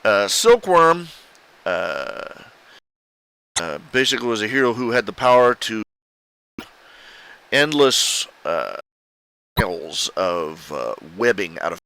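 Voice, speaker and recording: Rambling low-voiced man full of fillers. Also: big pitch swings, slow pace, vocal fry, long pauses, bright, forceful tone, clean tone, poor audio. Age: middle-aged. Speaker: artist showing his commissions. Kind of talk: casual rambling commentary.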